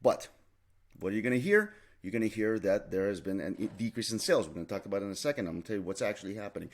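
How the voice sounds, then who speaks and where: A man with a fairly low voice walks viewers through a housing market update at a brisk clip. He is emphatic, repeats his main points for weight, and fills pauses with "uh" and "um". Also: animated. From Canada. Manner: emphatic, repeats key points, many fillers. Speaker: realtor.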